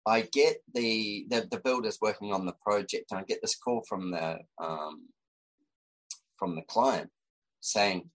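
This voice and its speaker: A man's voice: fairly low pitch, a little slow, fairly bright tone, poor audio. An Australian man, a designer and podcast guest, telling a story in casual chat with lots of fillers and restarts.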